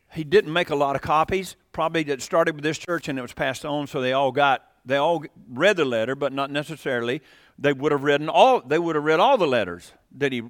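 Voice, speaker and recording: A man's voice: fairly high pitch, fairly bright tone, no room sound, studio quality. A middle-aged man teaching a casual Bible class in a folksy, rambling way and putting questions to the class.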